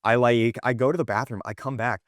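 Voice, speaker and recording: Animated young man telling a story. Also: mid-range voice, brisk, no room sound, clean studio sound. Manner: animated storyteller acting out quoted lines, many fillers. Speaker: podcast guest. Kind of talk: casual podcast chat.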